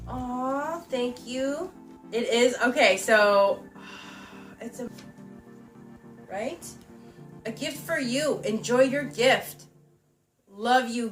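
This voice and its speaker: A young woman YouTuber gushing and giggling as she unboxes a gift on camera at home. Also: a little high. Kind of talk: casual emotional unboxing chat. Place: home recording with someone filming. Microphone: camera mic, person filmed by someone else.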